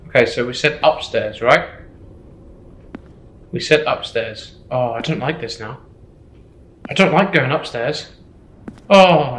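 A man's voice: mid-range voice, unhurried, long pauses, a bit bright, roomy sound, poor audio. A man commentating a horror game, jittery, swearing and repeating himself. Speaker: gameplay streamer.

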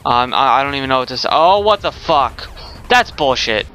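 A man's voice: mid-range voice, animated, normal speed, bright, forceful tone, soft background music. Young man raging and swearing over a game. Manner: swearing constantly, exasperated outbursts. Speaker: gaming YouTuber. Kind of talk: rage gameplay commentary.

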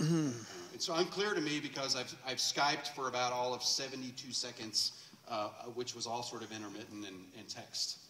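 A man preaching a sermon in a church and telling a story in a loose, chatty way, with fillers and quick laughs. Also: medium pitch, bright, forceful tone, a little hiss or hum. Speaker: pastor. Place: church sanctuary. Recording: echoey church room, distant mic.

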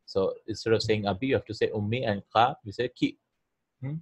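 Male Arabic teacher, fairly low voice, patient step-by-step lesson. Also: fairly quick, breathy edge. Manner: patient, explains step by step, asks students questions. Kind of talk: online language lesson.

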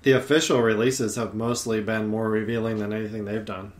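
A man's voice: on the low side, level tone, fairly quick. A man talking as a podcast guest in casual chat, eager and rambling, with many fillers and restarts. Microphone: podcast microphone.

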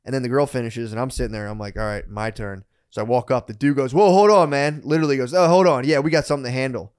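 A man in his thirties co-hosting a podcast, spinning a story in casual, profane talk. He jumps into the voices of the people he quotes, swinging from low mutters to loud bursts. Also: very fast, clean tone. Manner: profane, animated, acts out quotes. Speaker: podcast co-host.

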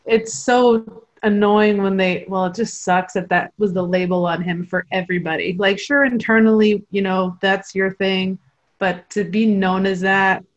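A woman's voice: mid-range voice, fairly even intonation, normal speed. Give me an easygoing woman podcast host with a mid voice on a dull recording. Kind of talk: casual podcast chat. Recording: dull lo-fi audio.

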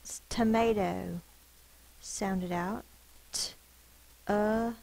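A woman's voice: lowish voice, gravelly, low-quality recording. A woman teacher giving a spelling lesson, patiently sounding out words and explaining the rules behind each sound. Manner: slow, careful sounding-out of words.

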